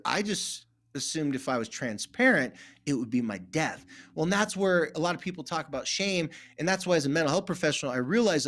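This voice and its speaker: A middle-aged man, a therapist guest, telling stories in casual conversation and acting out quoted dialogue. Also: a little high. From California. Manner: animated, acts out quoted dialogue.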